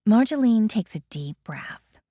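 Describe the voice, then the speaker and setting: A woman narrating an audiobook in a deliberate, expressive reading style. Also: mid-range voice, dry recording, studio quality. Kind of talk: scripted narration.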